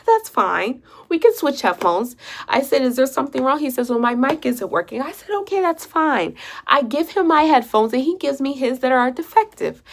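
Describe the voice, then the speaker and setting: A young woman vlogging an emotional story, upset, repeating herself and sometimes dropping to a whisper. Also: fairly high pitch.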